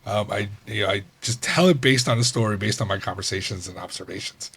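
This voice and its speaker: Middle-aged male podcast host, husky, conversational, animated when he quotes people. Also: fairly quick. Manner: animated, acts out quoted coworkers with raised pitch. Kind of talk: casual storytelling monologue.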